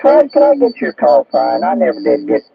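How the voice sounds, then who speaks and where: A man's voice: medium pitch, sing-song, brisk, creaky, slightly rough, dry recording, dull audio. A man from Missouri chatting in a friendly way on a ham radio net. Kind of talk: casual radio chat. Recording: shortwave radio with light static.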